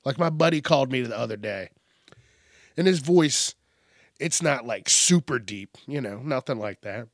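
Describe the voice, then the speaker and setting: A man's voice: mid-range voice, expressive, moderate pace, no room sound, clean studio sound. A man hosting a casual comedic news podcast, rambling and profane, poking fun at himself. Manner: rambling, profane, self-mocking. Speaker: podcast host.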